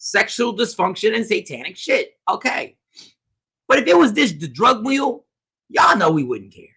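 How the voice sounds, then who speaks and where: A man hosting a casual livestream, commenting on the news and reading viewers' comments aloud, animated and repetitive. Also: high-pitched, normal speed, creaky, husky. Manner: animated, talks back to chat, repeats himself. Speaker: host.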